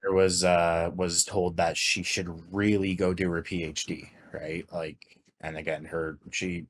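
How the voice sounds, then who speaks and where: Canadian guy cohosting a podcast, deep voice, rambly with lots of ums and likes. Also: flat delivery, a little slow. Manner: rambling, many fillers and restarts. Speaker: podcast co-host. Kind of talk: casual chat.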